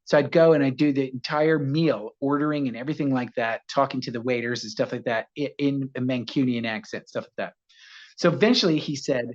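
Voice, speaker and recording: An American man, an actor, telling animated anecdotes as a guest, slipping into voices as he goes. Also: mid-range voice, fairly quick, muffled recording. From United States. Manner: animated storyteller, slips into voices. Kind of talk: casual interview anecdote.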